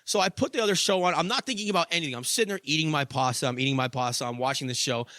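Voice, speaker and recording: A man's voice: a little high, racing, sharp tone, no echo, studio quality. A young adult man hosting a podcast, telling a story in a casual monologue, swearing freely and padding with "like" and "you know.". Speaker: podcast host.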